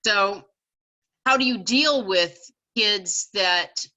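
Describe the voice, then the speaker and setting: A woman author and educator, a guest telling an animated, emphatic story in casual conversation. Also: mid-range voice, drawn-out words, low-quality recording.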